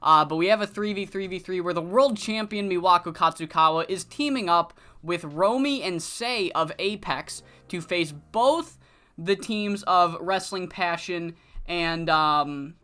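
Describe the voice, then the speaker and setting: Narrating a save file from a wrestling sim, this laid-back game commentator gets excitable, curses freely, and paraphrases the characters' promos. He speaks at an unhurried pace with a medium pitch.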